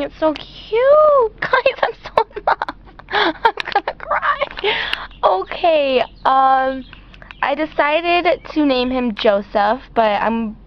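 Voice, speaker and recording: A woman's voice: sits high, a little hiss or hum. A teenage girl filming an unboxing vlog at home, gushing and squealing with delight, in a slightly muffled home recording. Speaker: vlogger. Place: outdoors at home, later indoors.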